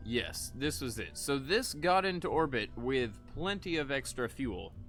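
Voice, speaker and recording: A man's voice: medium pitch, very animated, a little slow, fairly bright tone, faint music behind. A young man casually rambling through live gameplay commentary, laid-back and often chuckling, with the odd cough. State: coughing between lines. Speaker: gaming streamer.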